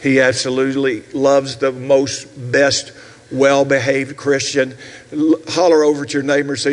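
A man in his sixties with a Southern US accent, preaching a sermon as pastor with shouted, rhythmic repetitions and asides to the congregation. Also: mid-range voice, little pitch movement, normal speed, in a large hall, slight background noise. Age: 60s. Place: church sanctuary.

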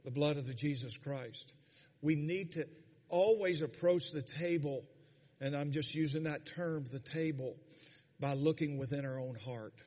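A man's voice: fairly high pitch, unhurried. A man preaching a sermon as pastor, calling on the congregation to answer back. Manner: rising to fervent shouting, calls for congregation responses. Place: church sanctuary. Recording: long church hall reverb.

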